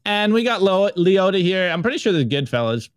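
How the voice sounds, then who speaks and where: A man's voice: high-pitched, sing-song, fairly quick, clean tone, dry recording. A man co-hosting a podcast, chatting casually and jokingly as he reads memes aloud, laughing often. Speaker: podcast co-host reviewing memes. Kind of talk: casual chat.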